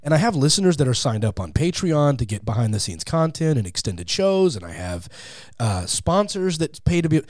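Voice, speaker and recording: A man speaking as a guest in a casual interview, animated and acting out quotes in different voices, on a close studio mic. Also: on the high side, normal speed, hardly any pauses, no echo. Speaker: podcast guest, atheist comedian.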